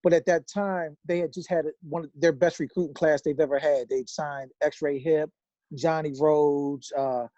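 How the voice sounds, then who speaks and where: A man who is a guest in a casual interview, recounting his past quickly and listing names as he goes. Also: fairly high pitch, steady tone, mellow, dry recording. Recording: dull, dry lo-fi sound.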